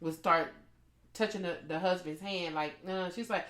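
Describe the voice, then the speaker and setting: A woman co-hosting a podcast, telling a story in an animated, gossipy way. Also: lowish voice, moderate pace, echoey room. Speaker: podcast co-host and comedian. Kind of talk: casual storytelling chat.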